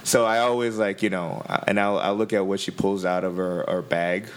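A man's voice: sits low, fairly even intonation, a little fast, slight background noise. A man who does comedy gigs, chatting casually and mocking himself, laughing through his lines. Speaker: comedian host. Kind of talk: casual chat.

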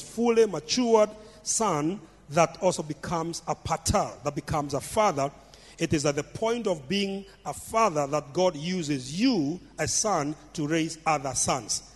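A man preaching a sermon as pastor, emphatic and stressing points by repeating phrases. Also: on the high side. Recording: long hall reverb.

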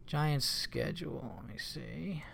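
A man's voice: on the high side, expressive, takes it slowly, creaky, a bit bright, husky. A man hosting a solo podcast, rambling casually, cursing often and getting exasperated. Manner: rambling, profane, easily exasperated. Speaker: comedian podcast host.

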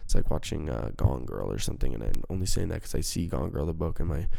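Male podcaster, very deep gravelly voice, dark tone, loose profane rambling. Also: lively intonation, fast talker, no room sound. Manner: rambling, profane, self-mocking. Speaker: podcast host. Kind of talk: casual solo podcast chat. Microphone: handheld microphone.

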